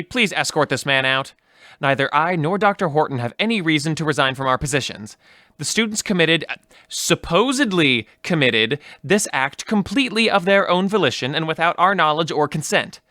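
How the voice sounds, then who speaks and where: An officious man running a mock press conference, fussily correcting everyone. His voice is bright and forceful and sits a little high. It is recorded dry and close. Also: expressive, moderate pace, no room sound. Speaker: press spokesman in sketch. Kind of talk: comedy sketch acting.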